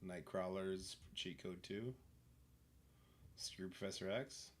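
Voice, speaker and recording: A man's voice: low-pitched, fairly even intonation, takes it slowly. A man streaming a game live, chatting casually and swearing as he reacts to the game and to his chat. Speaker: livestreamer. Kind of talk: casual gameplay commentary.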